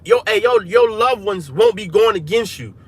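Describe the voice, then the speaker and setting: A man's voice: high voice, expressive, moderate pace, husky. A man hosting a livestream, preaching in a casual, emphatic way and filling his lines with "man" and "hey". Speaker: livestream host preaching to viewers. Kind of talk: casual religious street-preaching talk. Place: inside a vehicle.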